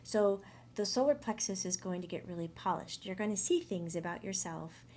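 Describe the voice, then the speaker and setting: A woman talking through a monthly spiritual energy update in a chatty, animated way, often acting out inner voices. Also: medium pitch, moderate pace, slight background noise. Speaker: medium.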